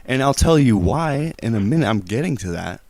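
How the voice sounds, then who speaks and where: A man's voice: mid-range voice, sing-song, brisk, a little mellow, no echo. A man on a live stream prank call, telling a rambling, hesitant story and defending himself in a mock-earnest tone. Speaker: prank caller.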